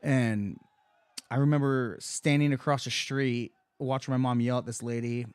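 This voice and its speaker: A man's voice: mid-range voice, steady tone, normal speed, a little mellow, clear, resonant tone, no room sound. A young man, a fighter, chatting casually on a podcast, telling rambling stories full of swearing. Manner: profane, rambling storyteller. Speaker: fighter guest.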